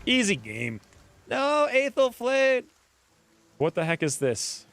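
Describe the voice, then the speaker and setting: A man streaming a strategy game, talking excitedly over the play and crying out when his fighters get hit. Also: very high-pitched, slow, no echo. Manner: animated, yelps and cries out at hits. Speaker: gameplay streamer. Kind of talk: excited gameplay commentary.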